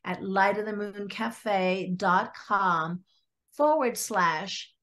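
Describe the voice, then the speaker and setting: A woman's voice: mid-range voice, very slow. Woman psychologist telling client stories. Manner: acts out clients' lines in lively quoted voices. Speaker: guest psychologist. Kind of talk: storytelling in a podcast interview.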